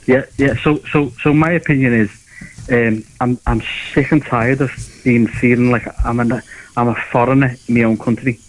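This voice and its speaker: A man's voice: medium pitch, fairly even intonation, normal speed, a little hiss or hum, poor audio. A man calling in to a radio show, ranting in an agitated way with many stammers and restarts. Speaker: caller. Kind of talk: phone-in rant.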